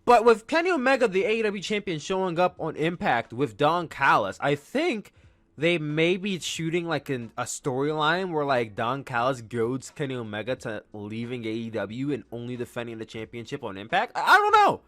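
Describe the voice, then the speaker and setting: Excitable bright-voiced podcast guy. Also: medium pitch, moderate pace. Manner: excitable, rambling, acts out quotes. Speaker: podcast host. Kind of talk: casual wrestling recap.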